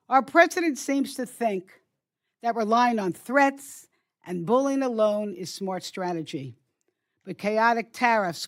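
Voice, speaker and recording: Older woman lawmaker, emphatic speech delivery, punches key phrases, occasional restarts. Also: medium pitch. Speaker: congresswoman giving opening remarks. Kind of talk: prepared floor speech. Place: hearing room.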